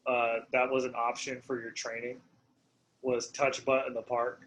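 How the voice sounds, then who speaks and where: A man's voice: medium pitch, little pitch movement, moderate pace, fairly bright tone, slight background noise, poor audio. A man co-hosting a podcast, rambling and laughing through casual banter. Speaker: podcast co-host. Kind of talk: casual chat.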